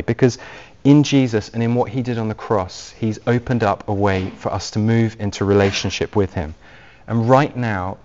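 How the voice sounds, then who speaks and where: A man preaching an evangelistic sermon, speaking earnestly and gently as he leads into a quiet prayer. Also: on the low side. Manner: earnest and gentle, softly paced appeals. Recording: dull lo-fi recording.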